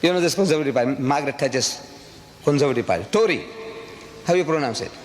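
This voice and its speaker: A man's voice: mid-range voice, racing. An older man from South Africa giving an impassioned, rhetorical lecture to a live audience, repeating phrases for emphasis. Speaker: public speaker. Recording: echoey hall with faint hiss.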